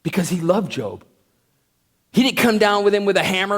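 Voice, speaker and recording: Bible study teacher, male: lively, playful delivery, recorded in an echoing hall. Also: high voice, moderate pace. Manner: conversational, joking, animated. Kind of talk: Bible lesson. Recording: echoey hall.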